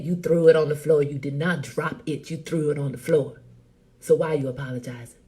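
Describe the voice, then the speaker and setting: A middle-aged woman hosting a casual live chat, teasing and animated, talking straight to her viewers by name. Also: deep voice, normal speed. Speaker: host.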